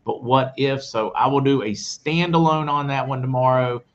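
Man, show host, casual, mid-pitched, quick asides, muffled stream audio. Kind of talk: casual live-stream talk.

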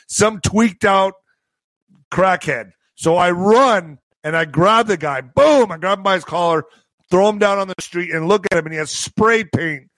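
A man telling a profane story to his video audience, animated and full of spoken sound effects. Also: sits high, no echo, rough recording. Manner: slips into a Spanish-accented put-on for quoted locals. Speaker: vlogger and author telling stories. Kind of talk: casual storytelling to camera.

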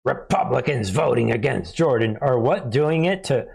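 A man hosting his own political commentary channel, talking casually to viewers, animated and chuckling often. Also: mid-range voice, a little slow, vocal fry, breathy edge.

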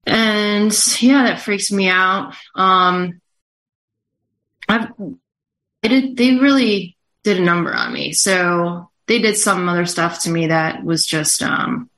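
Female guest, slightly low voice, halting delivery with frequent fillers. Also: a bit bright. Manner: hesitant, full of fillers. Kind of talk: talk show conversation.

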